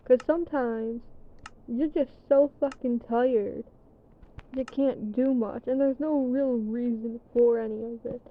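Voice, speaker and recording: A young woman vlogger rambles casually, sounding tired, yawning, and swearing occasionally. Her voice is a little high and fairly even, her pace a little slow, and the recording is dull and lo-fi with faint background noise.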